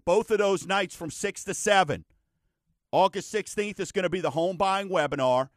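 A man hosts a casual radio talk show, spinning folksy stories in a chatty way. His voice sits fairly high for a man, and the recording is dry and close. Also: moderate pace, fairly bright tone, dry recording. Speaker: radio show host, mortgage lender.

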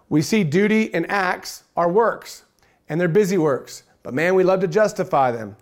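A man preaching a sermon, reading scripture and repeating key phrases for emphasis with casual, folksy asides. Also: fairly high pitch.

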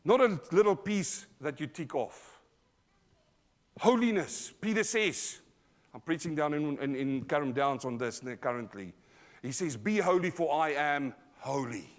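A man with an Australian accent preaching a sermon live in church, emphatic, calling out to the congregation, swinging from loud to quiet. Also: a little high, animated, a little slow. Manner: emphatic, call-and-response preaching. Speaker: pastor.

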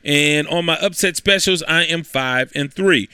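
A man's voice: a little high, a little slow, sharp tone, clear, resonant tone, no room sound. A man hosting a sports talk show, breezily recapping his weekly football picks with self-assured ease. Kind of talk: casual sports talk with predictions.

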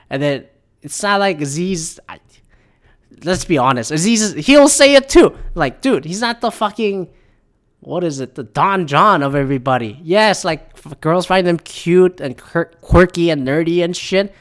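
A man's voice: fairly high pitch, animated, normal speed. A young man in a casual, rambling opinion rant, heated and full of profanity.

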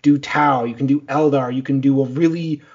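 A man co-hosting a podcast, pitching ideas in quick, enthusiastic run-on sentences. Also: fairly even intonation, gravelly, darkish tone, husky, highs cut off. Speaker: podcast co-host. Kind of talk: casual chat.

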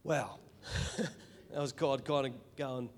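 A middle-aged Australian man's mid-range, steady voice carries his earnest church testimony, which is emotional and marked by halts and restarts.

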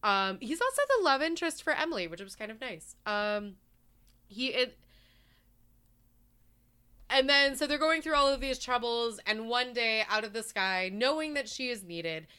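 Animated, bright-voiced woman ranting. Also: fairly high pitch, moderate pace, clear, resonant tone. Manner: animated, swears often, laughs a lot. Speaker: podcast co-host. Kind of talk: casual chat, ranting movie review.

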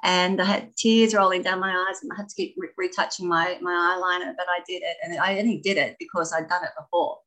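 A woman telling stories about her ballet training in a casual interview, animated and laughing often. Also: on the low side, fast, hardly any pauses, low-quality recording. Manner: animated, laughing, expressive storyteller. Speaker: guest, former ballet dancer.

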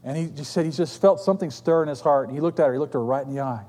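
A fairly high-voiced man preaches from a church pulpit, telling his story in an easy, chatty way with quick asides to the people in front of him. His voice rings out with a long trail of reverb through the sanctuary. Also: mellow. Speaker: pastor. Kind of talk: sermon.

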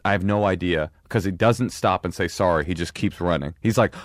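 Low-voiced man telling profane stories. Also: brisk, dry recording, clean studio sound. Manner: profane, animated anecdote teller who acts out dialogue. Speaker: podcast co-host. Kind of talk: casual chat, storytelling.

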